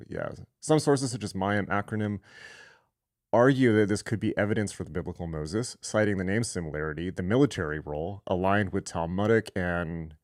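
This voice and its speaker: A man's voice: sits low, dry recording, studio quality. A man hosting a live online lecture, reading sources aloud and breaking off for irreverent, sarcastic comments. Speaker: host.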